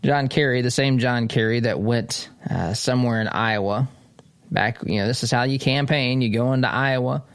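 A man hosting a political talk show at his desk, his voice sitting at an ordinary middle pitch. He rambles conversationally, doubling back and restarting his sentences. The sound is close and dry, with no room echo. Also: normal speed, clear, resonant tone. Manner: conversational and digressive, with frequent restarts. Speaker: host of a political commentary show. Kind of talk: casual political commentary. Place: studio desk.

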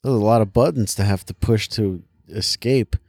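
A man co-hosting a podcast, making wry, quick quips in a casual chat about a movie. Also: lowish voice, darkish tone, no room sound, clean studio sound. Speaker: podcast co-host.

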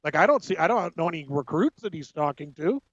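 High-voiced man giving sports updates. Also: animated, no room sound, highs cut off. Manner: brisk, jokey, laughs often. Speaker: sports radio co-host. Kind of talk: sports radio update and banter.

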